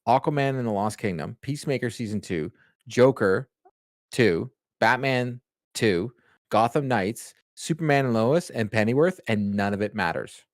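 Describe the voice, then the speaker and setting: A man's voice: medium pitch, normal speed, no room sound, studio quality. A man co-hosting a podcast, bluntly reading out a list in a casual chat. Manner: reads out lists, blunt and matter-of-fact. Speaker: podcast co-host.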